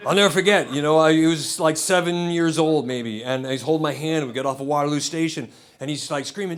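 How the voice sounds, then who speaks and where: A man's voice: on the high side, quick pace, few pauses. A middle-aged man doing a stand-up set in a comedy club, wry, loose and self-deprecating. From United States. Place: comedy club with live audience. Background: audience laughter.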